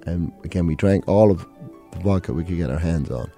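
A man's voice: sits low, brisk, creaky, dark tone, faint music behind. A man from England, a comedian guest, telling rambling self-mocking stories in a casual podcast interview. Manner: rambling, self-mocking anecdotes with frequent laughs.

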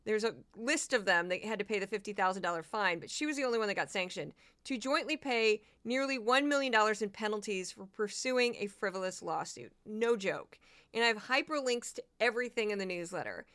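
A woman hosting a casual commentary podcast, chatty and prone to quick asides and repeated words. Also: mid-range voice, fairly bright tone, clean tone. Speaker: podcast host.

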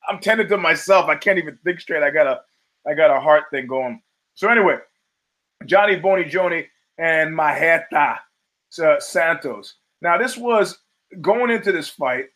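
A man's voice: fairly high pitch, a bit bright, rough recording. A middle-aged man hosting his own podcast, talking in a loose, digressive way with many fillers and restarts. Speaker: podcast host. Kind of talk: casual rambling commentary.

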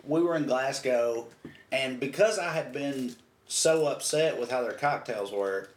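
A young American man, co-hosting a podcast, telling a story in a loud, cursing, animated way. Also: mid-range voice, measured pace, roomy sound. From United States. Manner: profane, animated storyteller with a Southern drawl. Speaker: podcast co-host. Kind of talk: casual storytelling chat.

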